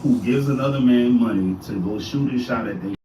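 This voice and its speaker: A man giving loud, slangy live-stream commentary straight to his viewers. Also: medium pitch, a little fast, far from the mic. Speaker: streamer reacting to clips. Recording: echoey room, voice from afar, steady background noise.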